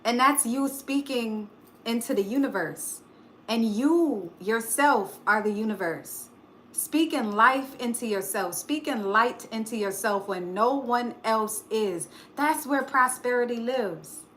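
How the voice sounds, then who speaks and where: A woman's voice: on the high side, slow, fairly bright tone, slight background noise. A woman doing a live tarot reading, speaking emphatically in a preachy motivational way and swearing casually. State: choked up. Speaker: tarot reader.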